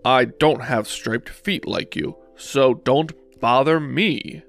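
A man puts on a grumpy storybook walrus, impatient and brusque. The voice is gruff and gravelly, louder and blunter than the narration around it. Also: mid-range voice, slow pace, soft background music.

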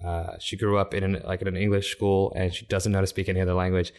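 Animated low-voiced man, laughing often. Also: fast talker. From Africa. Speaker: stand-up comedian, guest. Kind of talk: casual conversation.

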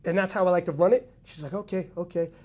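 A man's voice: sits high, rapid-fire, dark tone. A man from Canada hosting a casual podcast, teasing and laughing often as he talks. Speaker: podcast host.

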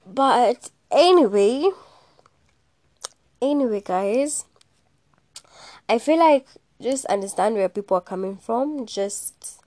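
A young woman talks in a chatty, sassy way on her solo podcast, cursing freely and slipping in Swahili. Her voice sits a little high. The recording is dry and close, with no room sound. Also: expressive, takes it slowly, pauses often, a little mellow, no echo. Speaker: podcast host. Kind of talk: casual solo podcast chat.

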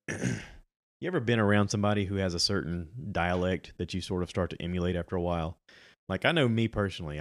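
A man's voice: low-pitched, no echo, studio quality. A middle-aged man chatting casually on his own about movies and podcasts, rambling with many ums and restarts.

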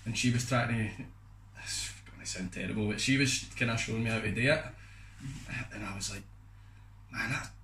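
A man's voice: on the low side, fairly quick, a bit bright. A young Scottish man, co-hosting a podcast, telling a long rambling story in a loose, casual way. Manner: rambling, loose, fond of "do you know what I mean". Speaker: podcast co-host. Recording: echoey room with faint noise.

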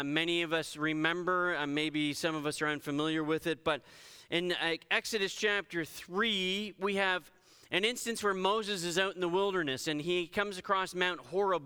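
A man's voice: fairly high pitch, pushed and bright, smooth. A man, a pastor, giving a conversational sermon and reading scripture with emphasis. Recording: reverberant hall.

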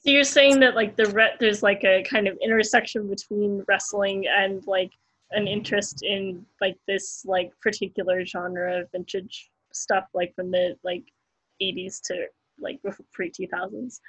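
A woman's voice: mid-range voice, fairly even intonation, measured pace, fairly bright tone, slightly rough. A woman interviewer asking a question that she works out hesitantly, with many fillers, picked up from a distance.

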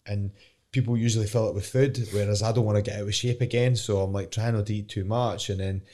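Candid Scottish fighter, low voice. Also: male voice, steady tone, fast, a little mellow. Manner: candid, rambling, swears casually. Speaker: professional fighter. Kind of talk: casual interview chat.

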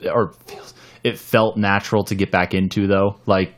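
A man co-hosting a gaming podcast, giving calm, measured replies in casual chat. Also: on the low side. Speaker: podcast co-host.

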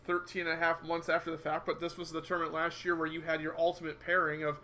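Male podcast co-host, high voice, bright tone, chatty asides. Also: completely flat delivery, slight background noise. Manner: chatty, quick asides, quotes himself. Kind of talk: casual sports podcast chat.

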